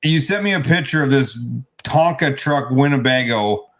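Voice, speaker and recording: A man's voice: medium pitch, expressive, normal speed, a bit bright. A man co-hosting a casual chat, telling a story in a rambling way with many restarts. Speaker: co-host.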